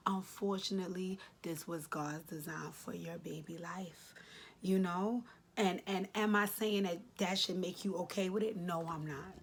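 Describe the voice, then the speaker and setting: Answering a viewer's letter on camera, this late-30s advice vlogger talks informally and straight to her audience. She's heartfelt and emotional, repeating key phrases to stress them, in a fairly low, steady voice at a measured pace. A little hiss or hum is audible.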